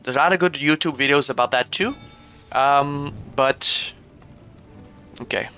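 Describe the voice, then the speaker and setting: A man's voice: mid-range voice, unhurried, bright, forceful tone, clear, resonant tone, soft background music. A young man with a Quebec French accent, a native French speaker, chatting casually while streaming a game. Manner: chatty, laughs often, shifts into playful French voices.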